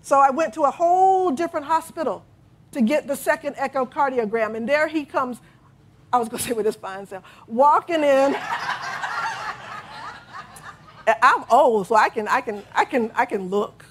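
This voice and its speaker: A middle-aged woman minister giving an expressive sermon, leading her congregation in spoken affirmations and laughing often. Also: high-pitched, moderate pace, background noise. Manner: expressive preaching, leads call-and-response affirmations, laughs often.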